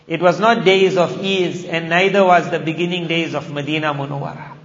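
High-voiced man preaching in hall. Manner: emphatic, repeats key phrases, interleaves Arabic recitation with English explanation. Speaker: Islamic preacher. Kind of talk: sermon on Quran verses. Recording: echoey hall, muffled sound.

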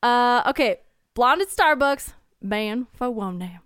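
A woman's voice: a little high, expressive, takes it slowly, fairly bright tone, smooth, no room sound, studio quality. A woman co-hosting a comedy chat, reading listener posts aloud, laughing often and swearing casually.

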